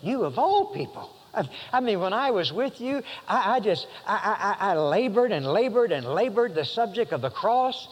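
Guy preaching a sermon, kinda high voice, lots of uh's and restarts, big echoey hall. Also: lively intonation, normal speed, few pauses, slight background noise. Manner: rambling, many fillers and restarts, rising to emphatic passages.

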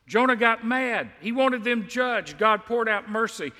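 A man preaching a sermon, telling a story with lively asides and acting out the quotes. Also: extremely high pitch, measured pace, few pauses, big-room sound.

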